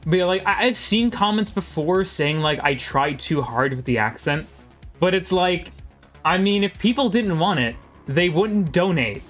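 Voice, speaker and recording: Man, a touch high-pitched, calling a game live and chatting with viewers, soft music underneath. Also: expressive. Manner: quick play-by-play, chatting with viewers between plays. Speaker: commentator. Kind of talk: live game play-by-play commentary.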